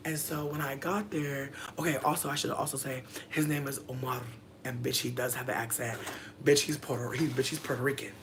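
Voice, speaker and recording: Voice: mid-range voice, brisk. Young adult streamer rambling thru a messy story, cussing a lot, reading chat, little bit of hiss behind. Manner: loose, profane storytelling full of fillers; animated, jumps between story and viewer comments. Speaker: content creator. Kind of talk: casual livestream chat.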